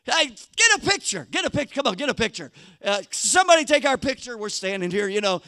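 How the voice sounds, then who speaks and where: A man voicing an excited ancient tourist who gushes at the scenery during a sermon. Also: very high-pitched, fairly quick, no room sound, studio quality, heavily acted. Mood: awestruck. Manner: gushing, exclaiming. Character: excited wide-eyed ancient tourist, middle-aged man.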